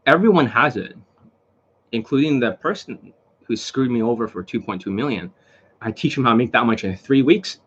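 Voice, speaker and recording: Rambling, husky-voiced male dating coach. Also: mid-range voice, highs cut off. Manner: rambling, profane, lots of fillers. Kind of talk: casual lecture to camera.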